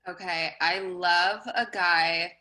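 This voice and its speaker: A woman's voice: fairly low pitch, steady tone, slow pace, bright, forceful tone, poor audio. A woman in her twenties, a singer, chatting as a guest on a podcast in a bubbly, self-mocking way. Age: 20s. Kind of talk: casual podcast chat. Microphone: remote call setup.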